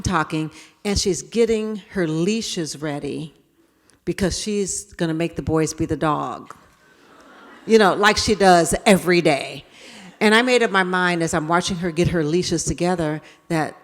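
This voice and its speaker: A woman speaker telling stories to an audience in an animated way, acting out scenes. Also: lowish voice. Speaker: keynote speaker. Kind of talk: storytelling talk to an audience. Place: event hall. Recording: reverberant hall.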